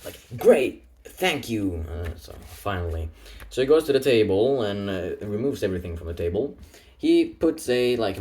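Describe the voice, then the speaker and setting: A man's voice: fairly low pitch, darkish tone. A man casually retelling a comic in a rambling, playful way, throwing in sound effects. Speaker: comic narrator.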